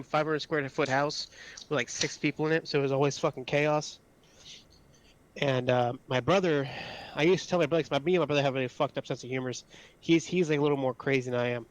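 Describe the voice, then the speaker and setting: Fast-talking, profane storytelling man. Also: fairly high pitch. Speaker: squad teammate. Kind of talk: casual chat while playing.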